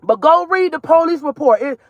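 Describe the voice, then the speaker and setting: A woman's voice: high-pitched, animated, moderate pace, no echo, lo-fi sound. Blunt, heated woman ranting. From Georgia, US. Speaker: mother vlogger. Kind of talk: casual ranting vlog. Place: in a car while driving.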